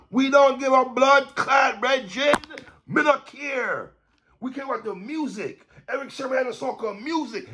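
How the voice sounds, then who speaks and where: A man hosting a podcast, ranting in animated commentary, stammering, repeating himself and shouting for emphasis. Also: very high voice, a little hiss or hum. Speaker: podcast host.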